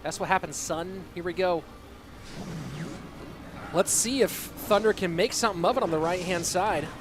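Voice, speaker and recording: A man casting a live esports match on his own, answering chat between excited play calls. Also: high voice, normal speed. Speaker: esports caster. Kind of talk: solo live esports commentary with chat reading. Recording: loud music behind voice.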